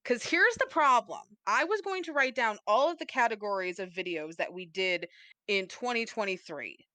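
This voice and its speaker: A woman's voice: on the high side, expressive, moderate pace, sharp tone, dry recording. A woman co-hosting a podcast in casual chat, playful and rambling, swearing freely. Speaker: podcast co-host. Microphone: desk mic, typing nearby.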